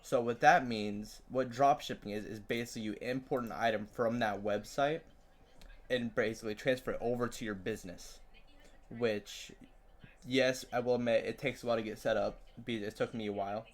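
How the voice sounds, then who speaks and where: A man's voice: medium pitch, fairly even intonation, normal speed. Casual young-sounding man hosting. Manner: casual, loose, swears lightly. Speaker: host. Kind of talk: casual interview and screen walkthrough.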